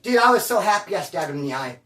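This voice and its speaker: A man from Bakersfield telling prison stories at home, animated and slangy, calling the listener bro and dude. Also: sits high, fast, recorded from a distance. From Bakersfield, California. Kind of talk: casual storytelling. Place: at home, indoors. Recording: roomy room, from off mic.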